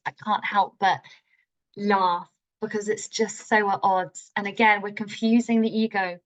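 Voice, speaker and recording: A woman's voice: mid-range voice, moderate pace, muffled recording. A woman leading a live online healing masterclass, enthusiastic and informal, with playful turns of phrase. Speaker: healing workshop teacher.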